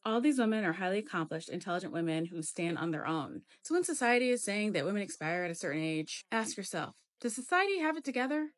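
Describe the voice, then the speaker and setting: A woman's voice: mid-range voice, very animated, fast, few pauses. A woman talks in a casual social media monologue, building her case with energy and emphasis. She leans on fillers such as "literally" and "like". Her voice sits in the middle range.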